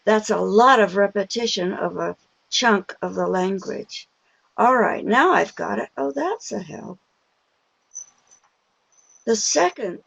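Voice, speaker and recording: A woman's voice: medium pitch, creaky, no room sound. An older woman giving a pronunciation webinar, patient with her listeners, stretching out stressed vowels as she demonstrates words. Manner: patient and encouraging with the audience. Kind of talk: slow, deliberate lecture.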